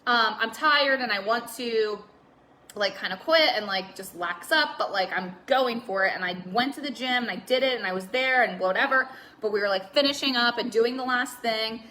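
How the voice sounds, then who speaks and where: Young woman on a live stream, chatty and rambly, bright tone, faint room noise behind. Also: on the high side, moderate pace. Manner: rambling, many "like" fillers, candid and swearing; reads out viewer comments. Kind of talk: casual Facebook Live chat.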